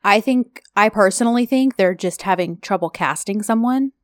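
A chatty woman co-hosting a podcast, her talk rambling from one point to the next with lots of ums and likes. Her voice sits at an ordinary middle pitch. The recording is close and dry, with no room sound. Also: normal speed, no echo. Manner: rambling and chatty, with frequent fillers. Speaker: podcast co-host. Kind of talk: casual chat.

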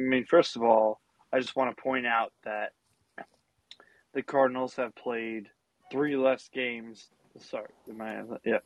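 A man co-hosting a casual sports chat, rambling through restarts and fillers. His voice sits at a middle pitch for a man. The sound is close and dry, with no room around it. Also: no echo, rough recording. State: has the hiccups. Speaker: podcast co-host.

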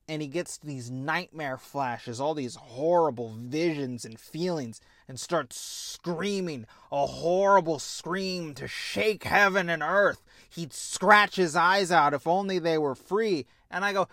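Young guy ranting about a show, sarcastic and sweary, talks slow, dry mic. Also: sits high, no echo. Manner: sarcastic, profane, bursts into outraged yelling. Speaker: podcast host reviewing a TV show. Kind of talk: casual rant.

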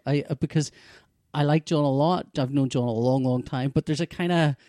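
High-pitched guy co-hosting a podcast, bouncy voice, laughs a lot, dry close sound. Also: fairly quick, warm tone, dry recording. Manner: laughs often, rambling and self-deprecating. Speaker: podcast co-host. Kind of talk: casual chat.

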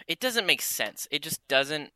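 A man's voice: on the high side, big pitch swings, unhurried, sharp tone, no room sound. A man in casual chat about games, joking and sarcastic, often trailing off mid-thought.

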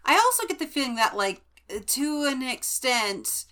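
A woman's voice: high voice, very animated, unhurried, bright, forceful tone. A woman co-hosting a podcast, giving chatty opinions on a book, with lots of "like" and restarts. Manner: chatty, many fillers, reacts with opinions. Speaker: podcast co-host. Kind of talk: casual book podcast chat.

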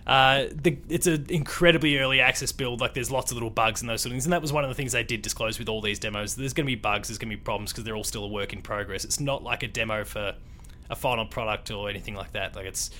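A man with an Australian accent chats loosely on a gaming podcast. His voice is bright and forward, and he rambles with lots of fillers. A faint rumble sits under the recording. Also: fast talker. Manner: rambling, loose and chatty, with fillers and mild swearing. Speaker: podcast host. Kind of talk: casual chat.

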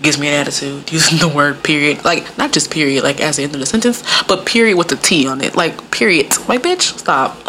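A woman's voice: low-pitched, a little fast, pushed and bright, a little hiss or hum. A young woman telling stories in a casual monologue, rambling and profane, laughing often and filling her talk with "like".

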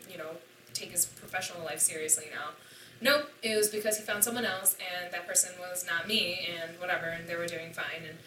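A low-pitched young woman with a bright, forceful edge tells her story casually and swears freely as she acts out what everyone said. She is recorded from some distance in an echoey room. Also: slight background noise. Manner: candid and profane, acting out quoted dialogue. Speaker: podcast guest.

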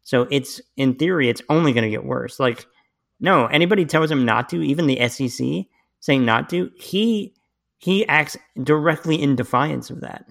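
A man's voice: medium pitch, moderate pace, gravelly. A man hosting a podcast in casual chat, rambling with restarts and swearing freely. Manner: profane, rambling, frequent restarts. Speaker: podcast host.

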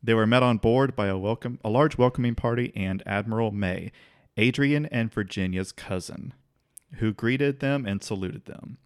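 Low-voiced man telling a story. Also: normal speed, clear, resonant tone, no room sound, studio quality. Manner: relaxed, occasional restarts, laughs while telling. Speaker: podcast co-host telling a history story. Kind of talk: casual storytelling chat.

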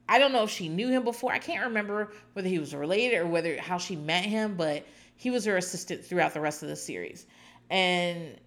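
A woman hosting a podcast, recapping a reality show in casual, rambling chat with sarcastic asides. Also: on the low side.

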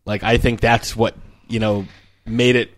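A man's voice: lowish voice, flat delivery, a little slow. Enthusiastic man in casual chat.

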